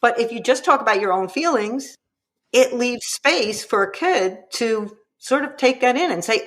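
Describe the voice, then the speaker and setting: A woman's voice: a little high, lively intonation, moderate pace, a bit bright. A woman guest author explaining her advice in a casual interview, quoting parents and children as she goes. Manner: explanatory, vividly quotes parents and kids.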